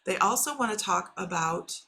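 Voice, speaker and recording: A woman's voice: mid-range voice, normal speed, slight background noise. A woman hosting a live stream of free intuitive readings, talking in a chatty way full of fillers. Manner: chatty, filler-heavy, rising excitement when addressing viewers. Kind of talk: live psychic reading chat.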